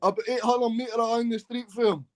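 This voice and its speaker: A man's voice: very high voice, steady tone, fairly quick, darkish tone, a little hiss or hum. A man with a Glaswegian Scottish accent, calling into a livestream and talking crudely and combatively. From Glasgow, Scotland. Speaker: caller on a livestream. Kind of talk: casual chat.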